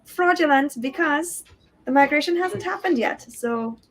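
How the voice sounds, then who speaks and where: A woman guest in a casual chat, giving calm, earnest words of caution. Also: high-pitched, unhurried, poor audio.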